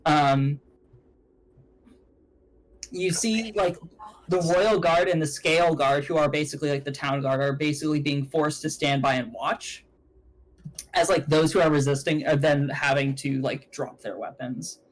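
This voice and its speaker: Rambling, slightly high-voiced game master. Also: male voice, fairly even intonation, measured pace, low-quality recording. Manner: rambling, full of fillers and self-corrections. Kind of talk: narrating a tabletop game on a stream.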